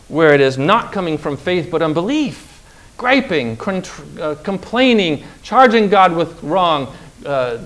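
A man preaching a sermon, retelling scripture in a lively way and acting out the people's complaints in quoted voices. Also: high-pitched.

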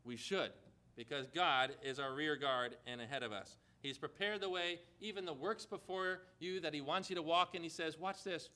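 Male preacher, high and bright, emphatic sermon delivery with questions to the congregation. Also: normal speed.

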